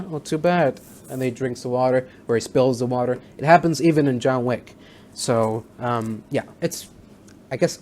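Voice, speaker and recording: A man giving a casual spoken review of a TV series, rambling with many fillers and restarts, sometimes acting out lines in quick voices. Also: medium pitch, darkish tone, a little hiss or hum. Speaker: show reviewer.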